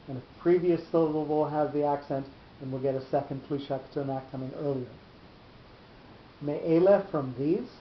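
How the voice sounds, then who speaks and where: A man teaching a Bible class on cantillation marks, explaining each reading mark in a halting way and often repeating his words. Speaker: Torah teacher. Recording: roomy, dull lo-fi recording with faint rumble.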